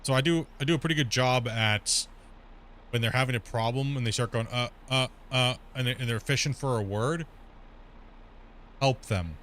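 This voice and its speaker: Fast-talking streamer guy, chatty and rambling while he plays, mid-pitched voice. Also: a bit bright, a little hiss or hum. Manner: talks extremely fast, rambling with many restarts. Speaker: streamer host. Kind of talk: casual gaming chat.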